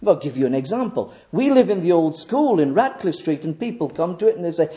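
High-voiced, mellow middle-aged man preaching. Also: very animated, fairly quick, few pauses. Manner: emphatic, repeats phrases, rhetorical questions. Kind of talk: sermon.

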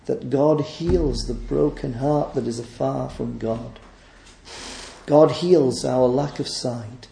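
A man preaching a sermon in an earnest way, asking rhetorical questions and moving between loud and hushed delivery. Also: mid-range voice, creaky, reverberant.

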